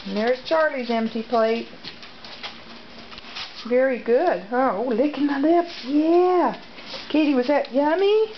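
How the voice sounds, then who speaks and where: High cooing woman, lo-fi home video. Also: animated, takes it slowly, pauses often. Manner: cooing sing-song baby talk to dogs. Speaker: dog owner filming her pets. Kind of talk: home video, talking to pets. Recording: dull lo-fi home video with background noise.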